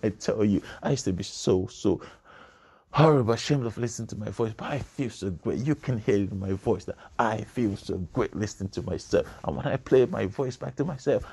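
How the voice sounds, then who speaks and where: A man's voice: fairly low pitch, vocal fry, darkish tone, husky. A man giving a preachy motivational speech, repeating phrases and building to emphatic bursts. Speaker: motivational speaker.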